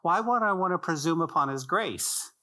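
A man's voice: a little high, animated, normal speed, bright, forceful tone. A male pastor preaching a sermon in a church, emphatic and repetitive, with rhetorical questions and joking asides to the congregation. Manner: conversational asides and jokes to the congregation.

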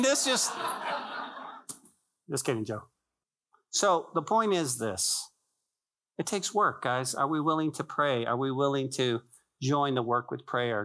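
A man of ordinary pitch preaching to his congregation in a church. He drives his points home with repetition and rhetorical questions, then loosens up with casual jokes and asides. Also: pushed and bright. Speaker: pastor. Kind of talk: sermon.

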